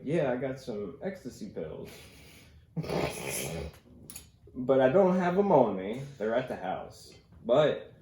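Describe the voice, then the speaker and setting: A young man, hosting a casual podcast and telling stories in a rambling way, full of "like". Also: mid-range voice. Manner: rambling, animated storytelling with lots of "like". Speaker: podcast host. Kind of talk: casual storytelling chat. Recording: echoey room, faint background noise.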